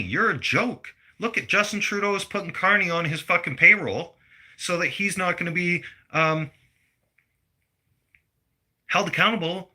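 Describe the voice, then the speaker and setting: A man's voice: sits high, bright, forceful tone, slightly rough. A man, delivering a blunt, heated political rant full of swearing. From Canada. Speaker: vlogger.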